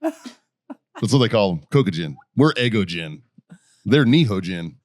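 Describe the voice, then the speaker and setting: A man with a low voice that swings widely, cracking crude jokes and laughing often. He talks in casual podcast banter. The sound is dry and close. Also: sing-song, unhurried, no room sound. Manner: crude, joking, laughs often, drops into impressions. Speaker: podcast co-host, former Marine.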